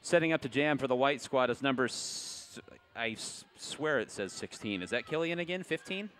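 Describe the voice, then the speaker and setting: A man in a mid range calls a roller derby bout live at an outdoor venue. His play-by-play is chatty and quick to joke, and he hypes up the fans between jams. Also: mid-range voice, animated, a bit bright. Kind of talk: live sports commentary.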